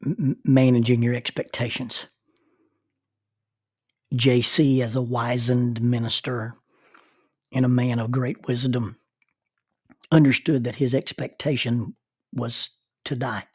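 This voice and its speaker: Middle-aged male minister, mid-pitched and husky, halting storyteller, dry close recording. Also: flat delivery, dry recording. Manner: halting, repeats words when starting. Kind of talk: personal storytelling talk.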